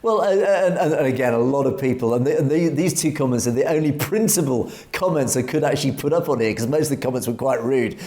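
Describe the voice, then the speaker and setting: A man's voice: medium pitch, fast, hardly any pauses, darkish tone. A man with an English accent co-hosting an opinionated commentary talk show, speaking emphatically, reading out viewer comments and often restarting his phrases. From Europe. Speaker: co-host.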